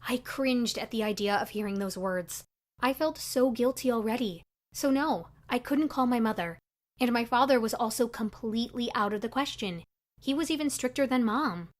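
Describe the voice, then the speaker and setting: Young woman telling her own story, kinda high voice, chatty and confessional. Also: normal speed. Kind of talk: scripted animated-story narration.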